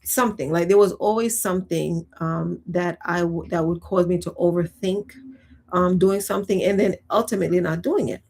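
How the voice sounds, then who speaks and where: A woman's voice: on the low side, normal speed, darkish tone. A woman in her thirties chatting to camera in a casual, reflective way, laughing often and using many fillers. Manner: talks while eating and sipping. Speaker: vlogger.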